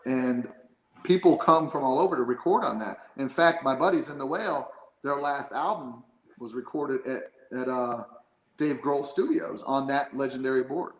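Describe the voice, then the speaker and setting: A man's voice: medium pitch, moderate pace, roomy sound, a little hiss or hum, low-quality recording. A man chatting casually as a guest, rambling with lots of fillers and restarts. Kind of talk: casual chat.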